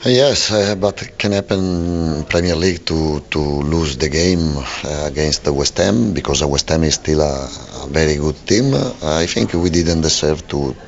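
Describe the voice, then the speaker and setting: A football manager giving a halting post-match radio interview, full of fillers and restarts, on a lo-fi broadcast. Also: male voice, extremely low pitch, gravelly.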